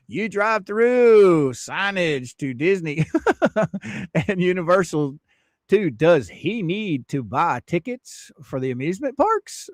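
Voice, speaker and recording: A man's voice: high-pitched, animated, measured pace, dry recording, studio quality. A man in his fifties hosting a casual livestream, greeting viewers by name in a drawling, teasing, sarcastic way. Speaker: livestream host.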